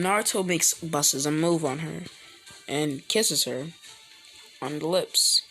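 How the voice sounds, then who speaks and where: A woman tells a rambling fan story in a low, unhurried voice, stopping often to correct herself. Music plays clearly in the background as she talks. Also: fairly bright tone, low-quality recording. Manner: halting, frequent self-corrections. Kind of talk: rambling fan-fiction storytelling while gaming. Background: music playing.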